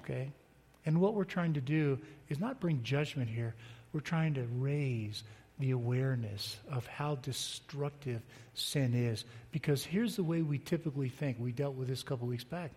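A man's voice: mid-range voice, normal speed, a little mellow, slightly rough. A middle-aged man preaching a sermon as pastor, conversational and joking with the congregation. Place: church sanctuary. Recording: long reverb of a church hall.

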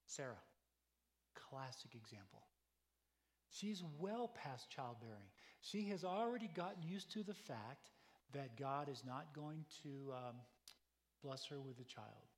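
A man's voice: medium pitch, animated, measured pace. A man preaching a sermon, telling stories in a conversational, emphatic way full of rhetorical questions. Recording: long hall reverb.

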